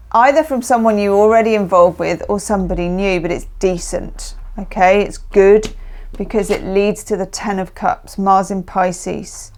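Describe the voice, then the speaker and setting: A woman's voice: mid-range voice, darkish tone. A woman giving a casual, chatty tarot reading, emphatic and often checking in with the listener. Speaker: tarot reader.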